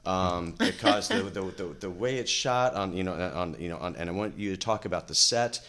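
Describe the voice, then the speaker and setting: A man's voice: low-pitched, normal speed, a bit bright. A man co-hosting a podcast, asking rambling, enthusiastic questions full of restarts. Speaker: podcast co-host. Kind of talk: casual interview questions.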